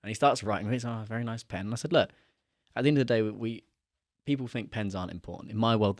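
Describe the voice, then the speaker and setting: Young guy telling a sales story, low voice, acts out who said what, dry close sound. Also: dry recording. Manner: animated, acts out quoted dialogue. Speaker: podcast guest. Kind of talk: casual storytelling.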